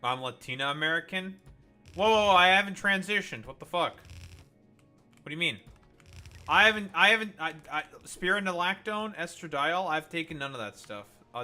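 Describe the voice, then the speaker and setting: A man's voice: a little high, bright, forceful tone. A man streaming in casual chat, teasing and swearing freely. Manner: crude, teasing, swears a lot.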